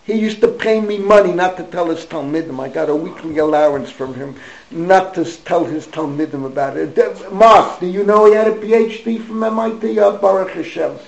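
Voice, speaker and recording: A man's voice: sits high, brisk, gravelly, rough recording. An older man, a rabbi, giving an informal Torah class, rambling through anecdotes sprinkled with Hebrew and Yiddish and calling on his students by name.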